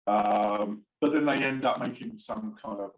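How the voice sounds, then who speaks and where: A man's voice: fairly low pitch, unhurried. Rambling man guest in a roomy space. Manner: rambling, many fillers, laughs often. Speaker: screenwriter and producer guest. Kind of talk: casual interview chat.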